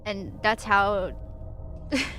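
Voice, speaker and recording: A woman's voice: medium pitch, steady tone, drawn-out words, a bit bright, a little hiss or hum. A young woman streaming as a VTuber, chatting and reading aloud in a rambling, giggly way with many fillers and restarts. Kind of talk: casual livestream chat and reading.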